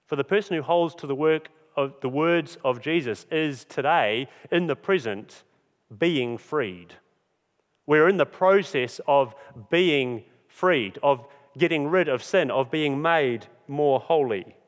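A man preaching a sermon in an earnest, emphatic way, reading scripture and slowing down on key phrases. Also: on the high side. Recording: long hall reverb.

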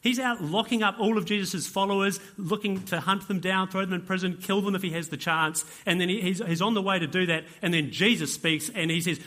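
A male preacher delivers a sermon in an earnest tone. His slightly high voice sinks to hushed, pleading lines and then climbs to emphatic declarations. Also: brisk, few pauses.

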